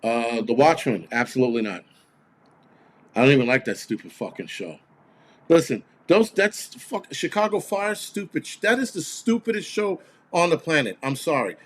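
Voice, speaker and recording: A man's voice: mid-range voice, expressive, normal speed, a little hiss or hum. Blunt, profane man ranting. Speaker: host of a prepper channel. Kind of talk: casual ranting video monologue.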